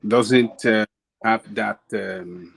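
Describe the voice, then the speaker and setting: A man with a Nigerian accent giving casual commentary as a guest, halting with many fillers. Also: lowish voice, vocal fry, slightly rough, low-quality recording.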